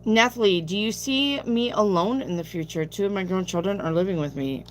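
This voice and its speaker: A woman's voice: mid-range voice, brisk, a little hiss or hum. A woman reading tarot on a live stream, chatting casually, reading viewer questions aloud and answering them bluntly, sounding sleepy. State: sleepy, yawning.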